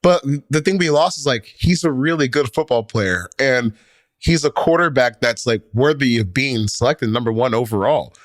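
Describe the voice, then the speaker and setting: A sports podcast co-host speaks in a mid-range voice at a moderate pace, recorded with studio quality and no echo. He talks casually and rambles through his points, full of fillers and restarts.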